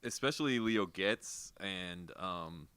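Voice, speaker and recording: A man with a lowish voice that still comes across bright and forceful, teasing his co-hosts dryly on a movie podcast. He is recorded close and dry, with no room sound. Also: animated, slow pace, clean tone, no echo. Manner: dry teasing, easy laughter. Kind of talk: casual chat.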